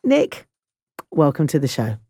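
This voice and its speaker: Woman presenter, low-ish mellow voice, dry close sound, chatty live radio host. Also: wildly swooping pitch, a little slow, breathy edge, no echo. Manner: conversational, with fillers and restarts. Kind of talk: live radio current-affairs interview.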